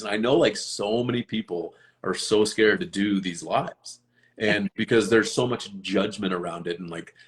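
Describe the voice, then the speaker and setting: A man chatting casually on a live stream, earnest and rambling, with many fillers and restarts. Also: on the low side. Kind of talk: casual chat.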